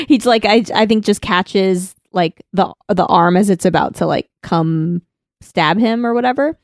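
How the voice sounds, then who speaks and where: A woman's voice: mid-range voice, animated, slow, clear, resonant tone, no echo, clean studio sound. A woman co-hosting a casual chat about an anime, talking with many fillers and restarts and laughing often. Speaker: podcast co-host.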